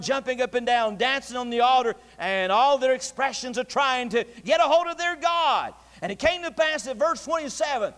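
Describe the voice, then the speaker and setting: A male preacher delivering a sermon in a folksy, animated storytelling manner with Southern dialect. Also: sits high. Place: church sanctuary. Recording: long church reverb.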